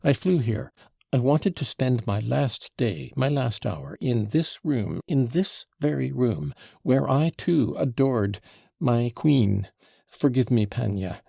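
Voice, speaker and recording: A man's voice: medium pitch, expressive, a little slow, creaky, mellow, no room sound, clean studio sound. A man reading an audiobook, voicing an emotional young man who speaks in wild, exclamatory outbursts.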